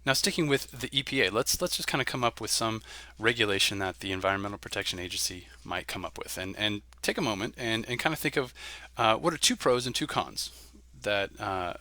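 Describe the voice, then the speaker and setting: Gravelly man lecturing, bright. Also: fairly low pitch, no room sound. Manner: conversational, many "um"s and "right?" checks. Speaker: college instructor. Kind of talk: recorded lecture.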